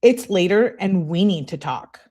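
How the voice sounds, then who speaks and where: A woman's voice: lowish voice, lively intonation, measured pace, darkish tone. A woman hosting her channel, reading text messages aloud in a casual way and adding blunt, profane asides while greeting viewers. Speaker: channel host reading case evidence.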